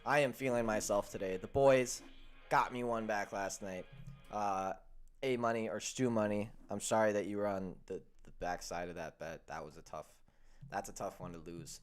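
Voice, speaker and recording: A man's voice: on the low side, steady tone, faint music behind. A man hosting a sports betting show, chatting casually and joking, then running through stat lines. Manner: upbeat, jokey, reads stat lines quickly.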